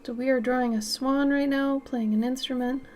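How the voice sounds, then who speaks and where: A woman's voice: high-pitched, steady tone, moderate pace, darkish tone. A young woman chatting casually with viewers while she paints on a live stream, a bit sniffly from allergies. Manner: chatty, reads out and answers viewer messages, swears when she sneezes. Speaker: art streamer.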